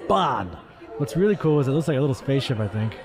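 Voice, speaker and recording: A man's voice: medium pitch, lively intonation, fast talker, a crowd in the background. A man co-hosting a podcast, chatting playfully and laughing often while at a fan convention. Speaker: podcast co-host. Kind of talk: casual chat at a fan convention.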